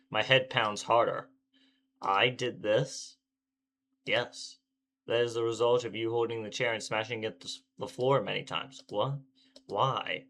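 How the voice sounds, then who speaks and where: A man's voice: fairly low pitch, fairly bright tone, slight background noise. A man voicing an irritable teenage boy protagonist, reading his brooding first-person lines aloud from a visual novel.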